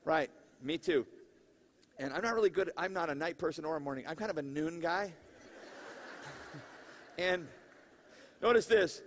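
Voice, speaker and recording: A man preaching a conversational sermon in an animated way, with laughing asides and questions to the congregation. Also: a little high, moderate pace, long pauses, a little hiss or hum. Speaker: pastor.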